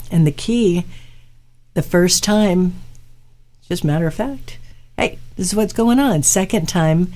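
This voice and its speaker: A woman hosting a live talk show as a hypnotherapist. Her voice sits on the lower side and sounds dark and mellow. She gives earnest advice and speaks straight to her listeners.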